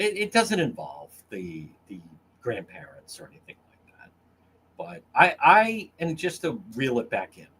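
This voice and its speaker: A man's voice: on the high side, a bit bright, slightly rough. Crude, mocking man hosting a livestream. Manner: crude, mocking, talks to chat. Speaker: livestream host. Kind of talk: casual livestream commentary.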